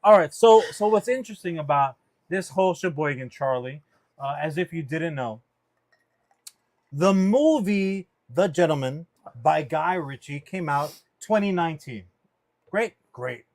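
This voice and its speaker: A man co-hosting a casual pop-culture podcast, talking in an animated, profane and rambling way, full of fillers. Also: a little high, a little slow. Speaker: podcast co-host.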